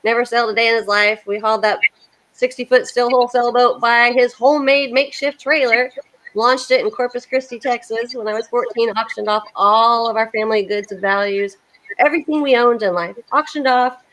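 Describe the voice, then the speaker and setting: A middle-aged woman from the United States hosting a casual talk, telling animated stories and laughing often. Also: a little high, brisk, poor audio. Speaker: host. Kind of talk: casual chat.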